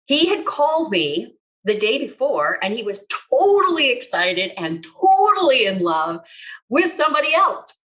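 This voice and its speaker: Expressive woman telling a personal story. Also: unhurried. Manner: expressive, self-mocking, big pitch swings.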